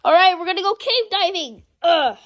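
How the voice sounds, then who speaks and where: A young woman vlogger chats casually to the camera and her cat in a playful, rambling way, often stumbling and restarting sentences. Her voice is high for a woman and a little slow, and the audio is poor.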